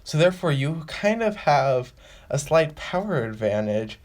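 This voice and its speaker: A man's voice: on the high side, big pitch swings, a little slow. A man hosting a casual fan explainer, rambling and restarting, and repeating phrases as he works through his point. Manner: acts out quoted lines with a raised voice. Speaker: fan video host.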